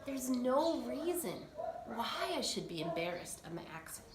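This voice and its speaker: A woman's voice: a little high, big pitch swings, a little slow, heavy background noise. An American woman working as a language coach, talking straight to the camera in an earnest, reflective way with many rhetorical questions. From United States. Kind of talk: personal address to camera. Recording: echoey room.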